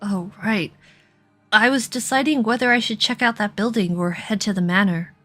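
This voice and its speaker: A woman's voice: medium pitch, normal speed, fairly bright tone, faint music behind. A young woman streaming a let's play, reading the game text aloud dramatically and dropping playful, giggly asides. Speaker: gaming streamer.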